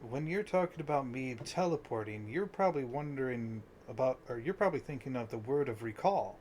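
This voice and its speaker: A man's voice: medium pitch, lively intonation, fairly quick, a little mellow, a little hiss or hum, lightly acted. A man voicing a polite, inquisitive woman cleric in a tabletop game, speaking formally. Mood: curious.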